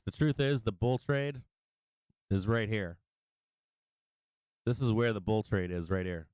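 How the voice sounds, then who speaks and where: A man's voice: mid-range voice, normal speed, pauses often, darkish tone, clear, resonant tone, dry recording. A middle-aged man hosting a casual stock market livestream, talking through charts, laughing often and swearing freely. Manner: laughing, sing-song chanting, swears freely. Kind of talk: casual live trading commentary.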